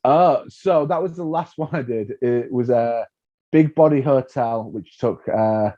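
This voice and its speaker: A comedian being interviewed tells lively stories in a casual chat, acting out other people's voices and laughing often. His mid-range voice runs a little slow, and the recording has a dull, lo-fi sound.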